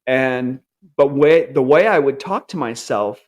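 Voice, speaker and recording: A man in his forties telling a candid personal story in an earnest way, and he acts out his upbeat self-talk in a higher voice. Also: lively intonation, unhurried, darkish tone.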